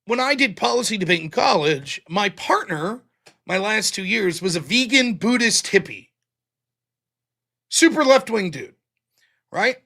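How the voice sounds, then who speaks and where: A man's voice: high-pitched, big pitch swings, a little slow, long pauses, bright, forceful tone. A man hosting a livestream commentary show, talking bluntly and swearing freely. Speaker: host.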